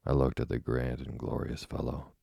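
This is a man narrating a classic sea story as an audiobook, his voice very deep, gravelly and husky, staying low and flat. The measured, dramatic reading is dry and close-miked, with no room sound.

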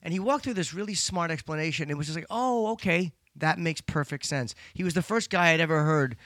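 A middle-aged man, a comedian guest on a podcast, telling loud, profane stories with quoted voices in casual chat. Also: on the high side, fast talker, no echo, clean studio sound.

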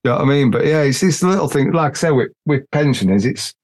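A man's voice: mid-range voice, expressive, fast talker, a little mellow. A man hosting a casual podcast, talking bluntly and rambling in colloquial speech. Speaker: podcast host.

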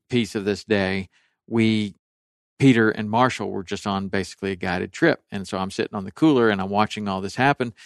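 A middle-aged man with a low, smooth, resonant voice tells a story in a relaxed, rambling way. He often starts over mid-sentence and perks up when he quotes other people. The sound is dry and close. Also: no echo. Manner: rambling, with restarts, animated when quoting others. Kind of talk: casual storytelling chat.

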